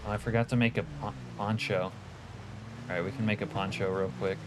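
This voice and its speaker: A man with a low voice gives loose, casual commentary on his game, replying to chat between mutters. He swears freely. A faint hiss of noise sits behind him. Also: little pitch movement, fairly quick. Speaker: streamer.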